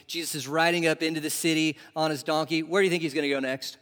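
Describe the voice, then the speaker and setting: A man delivers a sermon with a fairly high voice that rings through the long echo of a big hall. He keeps turning to his listeners with questions, in an animated, conversational way. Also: quick pace, hardly any pauses. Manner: animated, asks the audience questions. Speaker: preacher. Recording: long reverb of a large hall.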